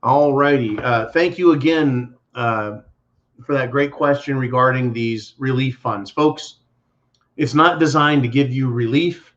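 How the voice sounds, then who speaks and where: A man's voice: medium pitch, measured pace, a bit bright. A man hosting a live stream, ranting bluntly and profanely while reading viewer messages. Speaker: livestream host. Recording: dull lo-fi stream audio.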